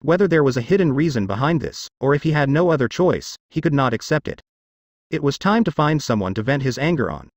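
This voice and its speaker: Man narrating with lively pitch. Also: a little fast, dry recording, studio quality. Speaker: audiobook narrator. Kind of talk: scripted narration.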